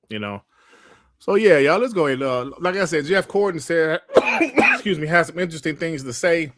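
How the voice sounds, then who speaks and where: Male podcast host, higher pitched, swings up and down a lot, casual and profane, dry close mic. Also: lively intonation, normal speed, fairly bright tone, dry recording. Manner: laid-back, profane, grumbles at technical trouble. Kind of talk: casual gaming livestream chat.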